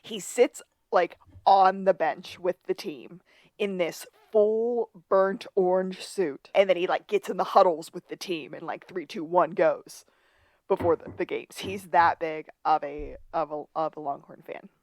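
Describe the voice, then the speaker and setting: A lower-pitched woman co-hosts a rewatch podcast and walks through the scenes with chatty, playful asides. Her voice sits close and dry, with no room sound around it. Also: a little slow, no echo. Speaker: podcast co-host. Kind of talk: casual rewatch recap chat.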